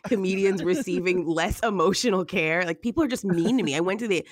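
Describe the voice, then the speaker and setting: A woman's voice: lowish voice, fairly quick, no echo. Laughing comedian woman, dry close sound. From United States. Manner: animated, laughing, mimics people in quoted voices. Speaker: podcast host. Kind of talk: casual comedic chat. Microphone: audio-only call, no video.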